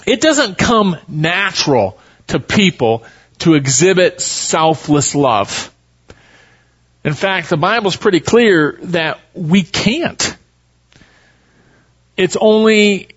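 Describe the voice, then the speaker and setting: A man's voice: a little high, fairly bright tone, husky, muffled recording. A male pastor preaching a sermon in a folksy, storytelling way.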